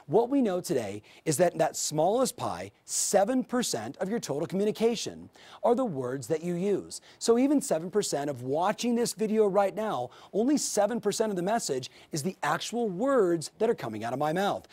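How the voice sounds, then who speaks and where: Animated man coaching sales agents. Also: high voice. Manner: energetic, animated coaching with acted-out sample dialogues. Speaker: sales trainer. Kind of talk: training video lecture.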